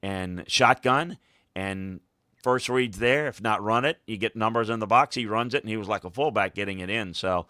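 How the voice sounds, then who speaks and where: A man's voice: on the low side, moderate pace, sharp tone, dry recording, clean studio sound. A man talking football as a coach on a podcast, emphatic and hammering points home by repeating phrases. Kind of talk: casual podcast talk.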